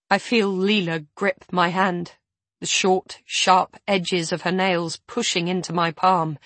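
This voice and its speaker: Brief: woman audiobook narrator, unhurried, breathy tone, dry close recording. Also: on the low side, steady tone, no room sound. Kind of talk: first-person scripted narration.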